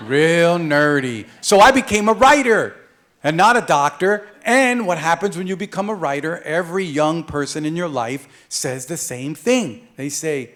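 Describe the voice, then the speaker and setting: A man's voice: fairly high pitch, measured pace, a bit bright. A man from a Caribbean island, an author reading his picture book aloud at a live event, playful and joking with slang.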